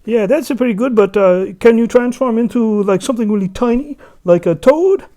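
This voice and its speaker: A man voicing a scheming male god king in a puppet opera retelling, loud and slangy like a surfer dude. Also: very high voice, a little fast, voice pushed up. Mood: coaxing.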